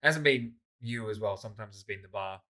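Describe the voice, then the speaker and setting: Australian male comic co-host, quick jokes, bright tone. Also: on the low side. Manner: joking, jumps into funny put-on voices. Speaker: comedian podcast co-host. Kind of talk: casual chat.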